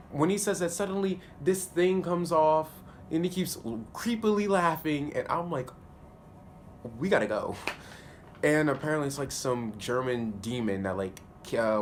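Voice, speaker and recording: Animated slangy man recapping an episode. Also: fairly high pitch, measured pace, a little hiss or hum. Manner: animated, slangy, laughs often. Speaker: TV show reviewer. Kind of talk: casual spoken episode review.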